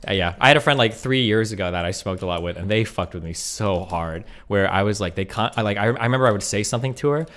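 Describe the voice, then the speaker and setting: A man's voice: fairly low pitch, quick pace, few pauses. A man calling into a stream, telling stories bluntly and swearing freely. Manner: blunt, swearing, animated storytelling. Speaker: caller. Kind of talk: casual chat.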